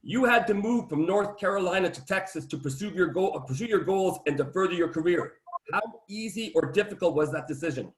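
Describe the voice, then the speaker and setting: A man's voice: high voice, animated, a little fast. Polite interviewer man in a roomy space. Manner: polite, thanks the guest often. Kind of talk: interview questions.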